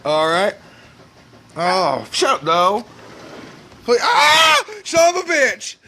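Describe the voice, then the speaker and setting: A frightened, sweating man, a vlogger filming at home, is outside by his back door trying to free a trapped bird, panicking, cursing and shrieking in fright. His voice is high and sing-song, slow, strained and bright. There's a faint hiss or hum on the recording.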